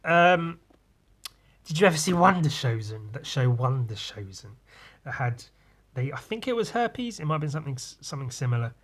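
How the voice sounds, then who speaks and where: Tipsy guy rambling on his podcast, kinda husky, loses his train of thought a lot. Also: medium pitch, sing-song, normal speed, fairly bright tone. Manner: meandering, trails off and restarts often. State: tipsy, lightheaded from drinking. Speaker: podcast host. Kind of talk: rambling casual monologue.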